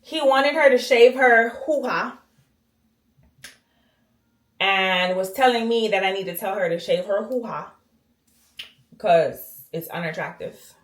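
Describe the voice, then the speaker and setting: A woman's voice: mid-range voice, slow pace, long pauses. A woman telling a personal story casually to her viewers while cleaning her bathroom, emphatic and often checking in with "okay?". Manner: emphatic, talks straight to viewers with frequent "okay?". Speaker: vlogger. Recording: echoey bathroom.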